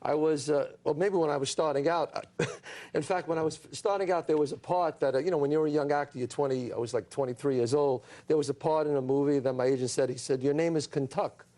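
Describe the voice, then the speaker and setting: Animated man with a Bronx accent. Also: fairly high pitch, fast talker. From New York, USA. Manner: lively storyteller who acts out the voices of others. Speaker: talk show guest. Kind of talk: animated anecdote telling.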